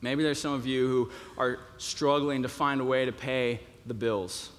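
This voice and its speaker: A man's voice: mid-range voice, steady tone, measured pace. A young man preaching a sermon in a conversational way, with many fillers and restarts. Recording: long reverb of a hall.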